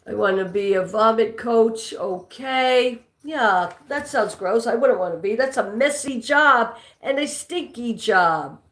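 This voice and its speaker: A woman's voice: a little high, animated, a little slow, hardly any pauses, fairly bright tone. A woman with a New York accent hosting a live trivia stream, chatting with viewers and reading their comments aloud. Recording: echoey room.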